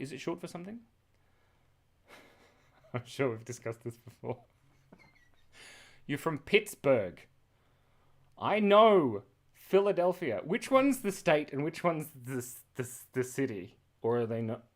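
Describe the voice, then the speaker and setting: An Australian man hosting a live drawing stream, chatting in a scattered, rambling way, laughing often and reacting to chat messages. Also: medium pitch. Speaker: livestream host drawing and reading chat.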